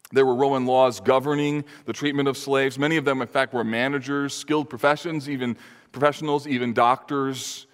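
A male pastor preaching a sermon, earnest and emphatic, rising for stress and dropping to near-confiding tones. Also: medium pitch. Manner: earnest, emphatic preaching with sudden lifts and drops. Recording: reverberant hall.

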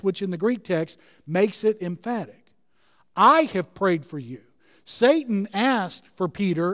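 A man's voice: high-pitched, a little mellow, big-room sound. A man preaching a sermon as a pastor, earnestly explaining scripture verse by verse.

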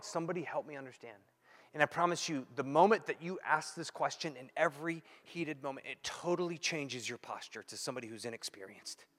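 A pastor preaching a sermon, acting out quoted dialogue and swinging between loud and hushed delivery. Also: male voice, medium pitch. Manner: animated, acts out quoted dialogue. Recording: long hall reverb.

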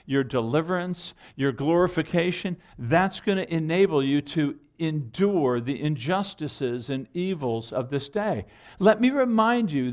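A middle-aged man preaching a sermon in an earnest, emphatic way, repeating phrases and restarting sentences. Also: a little high. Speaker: pastor.

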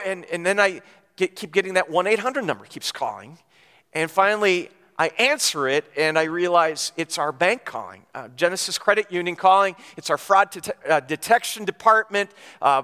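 A man with a high, bright voice preaches in a casual storytelling way. He often stumbles and restarts as he talks. The sound carries a long echo from a large hall. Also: clear, resonant tone. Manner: conversational storytelling with frequent restarts. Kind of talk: sermon with personal story.

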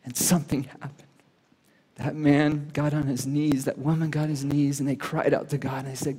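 A man preaching a sermon, telling a personal story earnestly and dropping to a hush at solemn moments. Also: a little high, little pitch movement, moderate pace, breathy edge. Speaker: pastor. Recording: reverberant hall.

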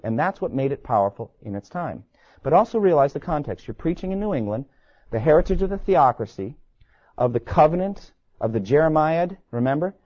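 A man lectures a class in a relaxed, mellow voice, talking emphatically and checking in with his listeners. He reads passages of an old sermon aloud between his comments. The recording sounds a little dull and lo-fi. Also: medium pitch, slightly rough. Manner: conversational, emphatic, asks the class questions.

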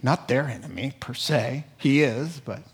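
A male pastor preaching a sermon, lively, with small chuckles as he acts out quoted voices. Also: medium pitch, a little slow.

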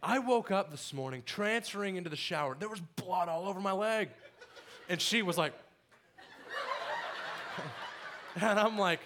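A young man telling his personal story to a church congregation, animated and laughing often as he acts out his own past words. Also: high voice, unhurried, long pauses. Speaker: church member giving testimony.

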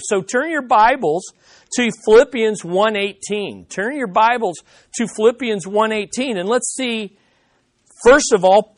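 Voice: mid-range voice, no echo. A pastor preaching a sermon in an emphatic, conversational way, repeating key points and asking the listeners questions.

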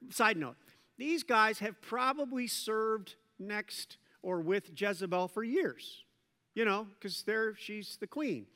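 A man's voice: sits high, smooth, in a large hall. A middle-aged male pastor preaching a sermon, retelling a story with playful jokes and asides. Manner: animated storytelling with joking asides.

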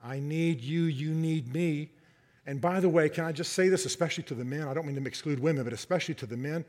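A man preaching a sermon to a congregation, animated and joking, often repeating and restarting his words. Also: fairly high pitch, fast. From Southern United States, half his family.

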